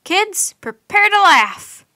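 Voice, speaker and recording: A woman reading a storybook and voicing a jumpy, excitable little one-eyed green male monster who chatters nervously. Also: very high-pitched, takes it slowly, voice pushed up, full character voice. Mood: excited.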